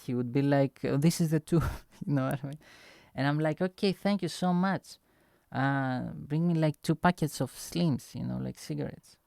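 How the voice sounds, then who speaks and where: Young man for a casual vlog; loose, chatty storyteller, smooth voice, mid pitch. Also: no echo, studio quality. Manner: rambling, animated, heavy filler words like "right?" and "boom". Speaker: vlogger.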